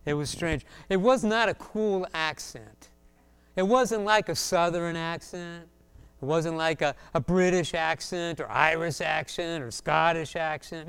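A man from South Florida preaches a sermon. He tells funny stories and slips into the voices of the people in them. His voice sits a little high and comes through smooth and crisp. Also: takes it slowly, fairly bright tone. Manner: humorous storytelling, acts out voices. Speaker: pastor.

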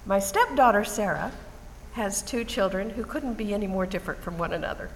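An older woman giving an earnest Mother's Day message, telling family stories in a measured way. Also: medium pitch. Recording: reverberant hall with faint noise.

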